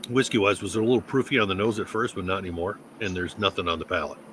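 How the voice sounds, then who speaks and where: A man chatting casually on a video call, relaxed and rambling, with some swearing. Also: low voice, fast talker, slight background noise. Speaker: tasting participant.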